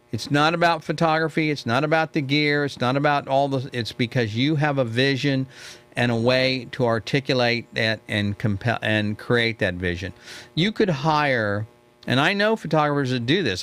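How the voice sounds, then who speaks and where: A man's voice: mid-range voice, fairly bright tone. A middle-aged man hosting a live mentoring talk, chatty and storytelling, who often checks in with "okay?". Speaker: host.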